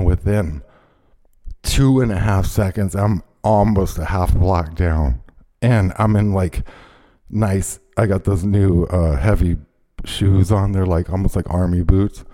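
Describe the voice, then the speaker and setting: A man telling a heated, profane story on a podcast, often shouting out what he said to people. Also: sits low, slow. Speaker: podcast host. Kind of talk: casual chat, storytelling.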